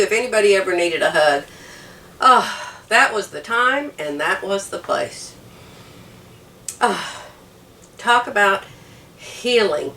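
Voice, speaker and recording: A woman's voice: mid-range voice, sharp tone. An older woman from the United States, teary from crying, telling a story to her viewers in a casual vlog, laughing between sentences. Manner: emotional, tearful, laughs while talking. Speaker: vlogger. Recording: echoey room, a bit far from the mic.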